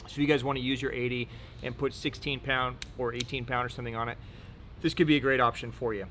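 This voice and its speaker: A man's voice: medium pitch, little pitch movement, quick pace, a bit bright, slight background noise. A man hosting a casual product rundown indoors, upbeat and joking, swearing casually now and then. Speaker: host. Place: indoor room.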